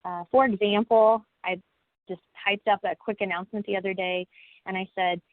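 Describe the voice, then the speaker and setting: A mid-range, steady female voice at normal speed belongs to an American college instructor on a webinar panel, heard via video call. Her talk is conversational and folksy, with many fillers and restarts, and the audio is dry and tinny like a phone line.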